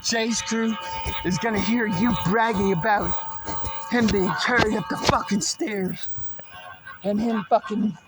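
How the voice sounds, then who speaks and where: A man delivering an aggressive, profane, threatening rant at an unseen person, rambling and swinging between shouting and muttering. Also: high-pitched, fairly even intonation, a little slow, long pauses, loud music behind the voice.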